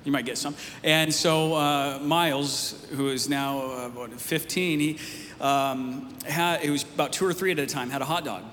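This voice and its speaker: Male pastor, slightly high voice, relaxed sermon storytelling, long hall echo with faint hiss. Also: moderate pace. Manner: casual storytelling, rising emphatic near the end. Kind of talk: conversational sermon. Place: church sanctuary.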